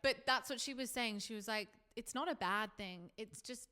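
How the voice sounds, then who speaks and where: A woman's voice: a little high, moderate pace, bright, forceful tone. A young adult woman, co-hosting a podcast in a candid, sweary, chatty way. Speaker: podcast co-host. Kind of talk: casual chat.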